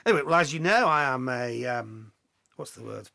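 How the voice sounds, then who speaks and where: A man's voice: medium pitch, expressive, moderate pace, gravelly, pushed and bright, no room sound, clean studio sound. A middle-aged man chatting casually as he answers viewer questions, telling anecdotes with self-deprecating humor. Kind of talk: casual Q&A chat.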